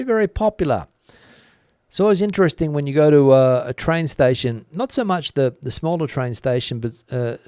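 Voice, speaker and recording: A man's voice: on the high side, a little mellow, smooth, no room sound, clean studio sound. Chatty male host reading live comments. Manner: chatty, reads viewer comments aloud with filler pauses. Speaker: channel host. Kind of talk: live-stream chat reading.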